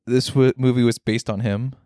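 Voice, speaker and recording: A woman's voice: very deep voice, fairly even intonation, normal speed, dark tone, no room sound, clean studio sound. A woman co-host in casual chat who probes with questions and steers the talk. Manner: probing, leads with questions.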